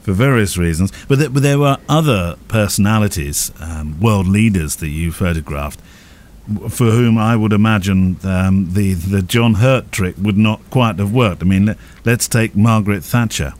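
A man with a very low voice hosts a podcast in a relaxed, casual way. He pauses often on "um" and "uh" as he talks. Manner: hesitant, frequent "um" and "uh". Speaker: podcast host.

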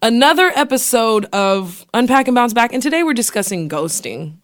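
Playful high-voiced young woman podcast host. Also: lively intonation, normal speed, no room sound, studio quality. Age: young adult. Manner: playful, dramatic, laughs often. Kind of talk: casual chat.

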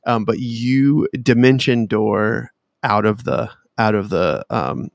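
Gravelly, hesitant game master. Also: male voice, fairly low pitch, slow pace, no room sound, studio quality. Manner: hesitant, many fillers. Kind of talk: narrating a tabletop game.

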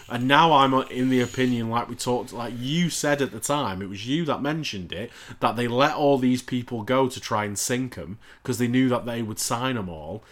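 A man, co-hosting a podcast, rants in a casual, sarcastic and heavily profane way. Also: mid-range voice. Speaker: podcast co-host.

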